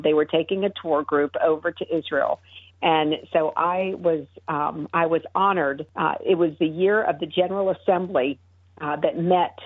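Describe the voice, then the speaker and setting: A middle-aged woman, founder of an advocacy group, calls into a radio show as a guest and earnestly shares a personal faith story, with frequent fillers and restarts. Her voice is fairly low and slightly rough, heard over a tinny, dry phone line with no echo.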